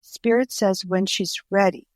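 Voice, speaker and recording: Middle-aged woman, podcast guest, animated storyteller, dry close recording. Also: mid-range voice, unhurried, dry recording. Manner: animated storyteller, acts out quoted voices. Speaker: guest author.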